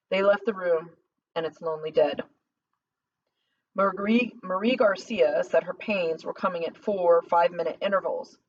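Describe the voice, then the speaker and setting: A woman narrating a novel as an audiobook, in a measured, dramatic reading. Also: lowish voice. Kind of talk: scripted narration. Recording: slightly distant dull lo-fi recording.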